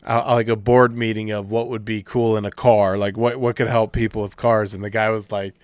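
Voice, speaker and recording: Chatty man, smooth close voice. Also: lowish voice, fairly quick, dry recording. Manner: animated retelling of comedy sketches, laughing as he quotes; rambling with many fillers and restarts. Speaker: podcast co-host. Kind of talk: casual chat.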